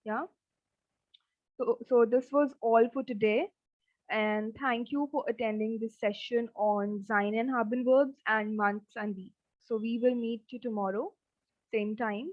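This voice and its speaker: Lady teaching a lesson, kinda high voice, says every word like 3 times, dry muffled lo-fi audio. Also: fairly even intonation, no room sound. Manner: slow, repeats each word several times. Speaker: German teacher. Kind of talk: online language lesson. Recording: dull, dry lo-fi sound.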